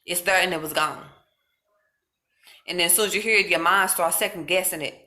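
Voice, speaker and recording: A woman's voice: on the low side, brisk, bright, forceful tone. A woman speaking earnestly and informally to her viewers, giving casual spiritual encouragement. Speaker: faith vlogger.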